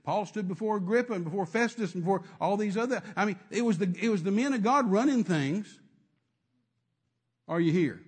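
A man's voice: high voice, lively intonation, fairly quick, husky. A man preaching a sermon, emphatic and repetitive, calling out to his congregation.

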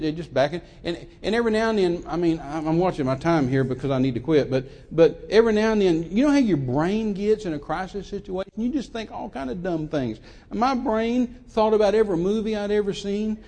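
An older man, preaching a sermon as a lively story, often repeating words, on a handheld mic in a church. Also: sits high. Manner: animated, repeats words, acts out quoted voices. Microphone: handheld microphone.

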